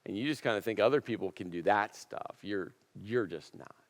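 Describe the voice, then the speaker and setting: A man preaching a sermon as a pastor, telling a story with emphatic repetition and dramatic pauses. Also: lowish voice, long reverb tail. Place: church auditorium.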